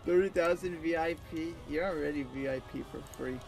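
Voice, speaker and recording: A man's voice: fairly high pitch, brisk, gravelly. A young man chatting while playing a video game with friends, incredulous and a bit rambling. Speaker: streamer co-player. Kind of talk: casual gaming stream chat. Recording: game music playing under voice.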